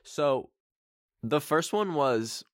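A man's voice: a little high, expressive, extremely slow, no room sound, clean studio sound. A young man hosting a casual solo podcast, goofy and rambling with lots of fillers and laughs. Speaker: podcast host.

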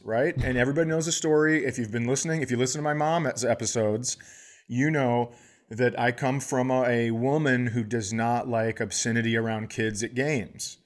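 A podcast co-host, male, spins a comic anecdote in an easy, chatty voice. He jumps into other people's voices mid-sentence, pitching up for the quotes, then drops back to his plain telling. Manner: animated storyteller acting out quoted people. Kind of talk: casual comedic storytelling.

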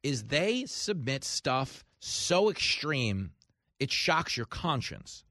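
A man hosting a comedic political talk radio show, talking in an animated way and acting out voices in quotes. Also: mid-range voice, slow pace, dry recording, studio quality. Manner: animated, acts out voices in quotes, rising to shouts.

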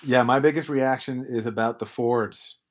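A man's voice: mid-range voice, fairly even intonation, normal speed. A man co-hosting a sports podcast, chatty and rambling, often restarting his sentences. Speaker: podcast co-host. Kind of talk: casual sports podcast chat.

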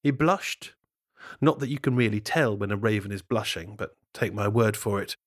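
A man narrating a children's fable in a playful, expressive way, with chatty asides to the listener. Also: lowish voice, normal speed. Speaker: storyteller.

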